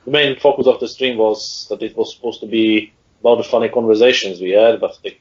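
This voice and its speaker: A man's voice: lowish voice, fairly even intonation, brisk, breathy edge, dull audio. Hesitant man explaining on a podcast. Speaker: podcast guest. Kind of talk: casual podcast chat.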